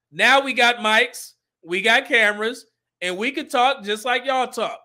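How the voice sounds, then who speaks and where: A man's voice: very high-pitched, measured pace, sharp tone. A man hosting a livestream, commenting bluntly and preachily on video clips and laughing often. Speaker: livestream host.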